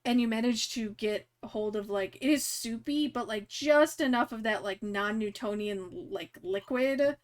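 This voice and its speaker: A woman game master narrates a tabletop game in a loose, laughing way, full of fillers. Her voice sits a little high. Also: moderate pace, hardly any pauses.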